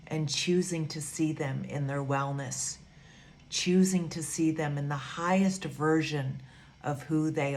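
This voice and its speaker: A woman giving a gentle, soothing teaching talk, repeating phrases softly as she guides her students. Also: deep voice, slight background noise. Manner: soft, slow, repetitive, soothing. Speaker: spiritual teacher.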